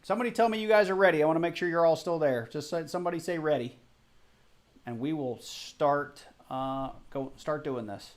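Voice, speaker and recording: A man's voice: fairly high pitch, brisk. Chatty man hosting a live coin stream. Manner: chatty, apologetic, flustered. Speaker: livestream host. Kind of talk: casual live stream chat.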